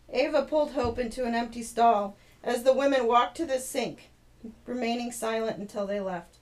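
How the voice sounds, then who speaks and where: A woman's voice: fairly high pitch, moderate pace, darkish tone. Woman reading her novel aloud. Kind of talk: storybook read-aloud to her children. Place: at home with her daughters.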